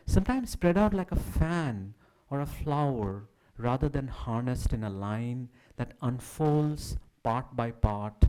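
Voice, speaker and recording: A man reading a prepared academic talk at a symposium, with a measured, declamatory delivery. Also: mid-range voice, warm tone, rough recording. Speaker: academic speaker. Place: symposium hall.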